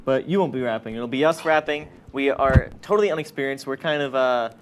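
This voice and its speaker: A man's voice: mid-range voice, a little fast, background noise. A young man co-hosting a student campus TV show, joking and playful in casual studio chat. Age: young adult. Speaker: co-host.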